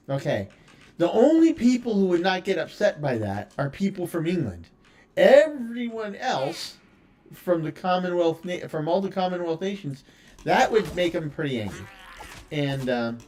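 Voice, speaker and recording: A man's voice: on the high side, expressive, normal speed, darkish tone, slight background noise. An American man chatting casually while streaming a building game, telling rambling stories with many fillers and restarts. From United States.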